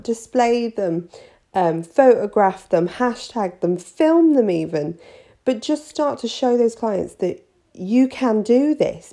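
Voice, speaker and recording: A woman's voice: medium pitch, dark tone. A woman, a nail artist, rambling cheekily through a casual tutorial vlog.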